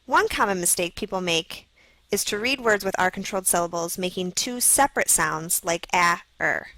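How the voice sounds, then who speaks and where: A woman narrating a scripted phonics video for children, slowly sounding out letters and words. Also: fairly low pitch, lively intonation, bright, forceful tone, dry recording, rough recording. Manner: slow, clearly sounding out letters.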